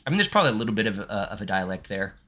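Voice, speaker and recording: A young man from Southern Ohio chats casually on a game stream, mulling things over and reading chat aloud. His voice is bright and forceful, and his pitch sits a little low. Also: very animated, very fast. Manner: chatty, reflective, reads game text aloud.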